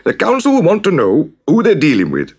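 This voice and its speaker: A man's voice: fairly high pitch, huge pitch swings, fairly quick, darkish tone, husky, voice pushed up, full character voice. A man voicing a flustered, blustering town mayor who hems and stammers in a spoken storybook. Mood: indignant. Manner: dithering, hemming and stammering.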